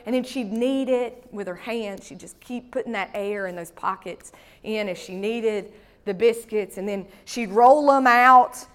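A woman's voice: on the high side, measured pace. A woman pastor, preaching a sermon through a personal story with folksy asides.

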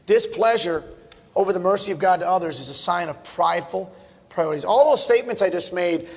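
A male preacher with a notably high voice delivers a fervent sermon, repeating words for emphasis and pushing toward a shout at his peaks. His voice rings out in a big church, trailing a long reverb. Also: animated, fast talker. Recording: long reverb of a large hall.

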